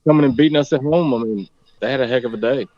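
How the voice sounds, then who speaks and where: Man, easygoing, "I mean" fillers, mid pitch, dull audio. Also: racing, dry recording. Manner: laid-back, lots of "I mean" and "you know". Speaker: guest angler. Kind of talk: casual chat.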